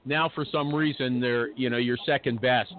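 A man hosting a casual panel chat, jokey, quickly steering the talk. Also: mid-range voice, fairly even intonation. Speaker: podcast host. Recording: tinny phone-line audio.

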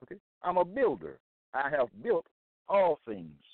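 Self-styled male preacher, measured scripture reader, thin phone-quality sound, dry. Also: fairly high pitch, huge pitch swings, no room sound. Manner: deliberate, quotes verses, checks in with "okay?". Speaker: self-styled religious teacher. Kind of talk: scripture-reading monologue. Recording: tinny phone-like dry recording.

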